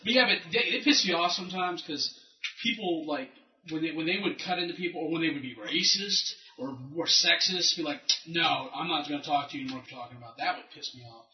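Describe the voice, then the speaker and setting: A man's voice: a little high, a little fast. A man in casual chat about listening in on customer calls, casual and swearing freely. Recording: distant, echoey, dull, faint noise.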